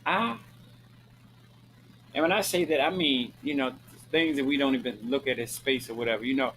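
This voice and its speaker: A man's voice: medium pitch, normal speed, a bit bright, a little hiss or hum, low-quality recording. A man from Maryland hosting his own show, talking casually to his viewers in a sassy, flamboyant way, calling them honey and girl and swearing freely. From Maryland, USA. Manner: preachy and emphatic, repeating lines for effect. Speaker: host. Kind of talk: casual talking-head monologue.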